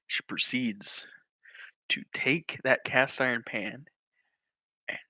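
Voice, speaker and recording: A young man and YouTuber telling a comic story in an animated, jokey way. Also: medium pitch, takes it slowly, slightly rough, no echo. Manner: animated, jokey, breaks off with laughter. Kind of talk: comedic storytelling.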